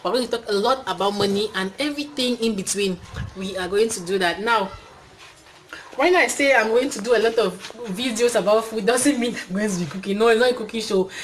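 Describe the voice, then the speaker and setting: A young Cameroonian-accented woman speaks a little fast in a medium-pitched voice, recorded in low quality with slight hiss or hum. Talking to camera indoors as her channel's host, she keeps the chat relaxed and cheerful, peppered with fillers.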